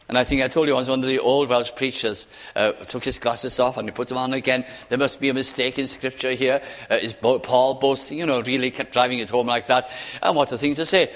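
A man preaching a sermon, slow and emphatic, letting key words fall away to a hush. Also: medium pitch, long reverb tail. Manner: slow, emphatic, with dramatic drops to near silence.

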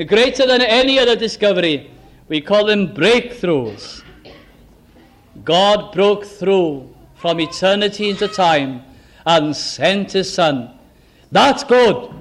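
A man preaching a sermon with fervour, asking the listeners question after question and slowing right down to stress key phrases. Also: sits high, a bit bright. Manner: fervent, asks the listeners many rhetorical questions.

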